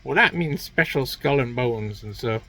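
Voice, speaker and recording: A man's voice: medium pitch, animated, normal speed, pushed and bright, low-quality recording. A man voicing a falsely tender mother in a saccharine, sing-song tone. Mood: sugary.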